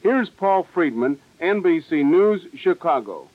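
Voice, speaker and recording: Crisp man announcing radio news. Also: fairly high pitch, sing-song, a little slow, no room sound. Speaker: station announcer. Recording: tinny old radio broadcast.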